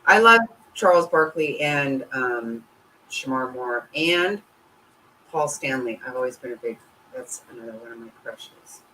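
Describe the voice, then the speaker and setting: The recording is low quality, with slight background noise behind an unhurried female host. She's doing a casual livestream, speaking bluntly with constant swearing and a lively, swinging pitch.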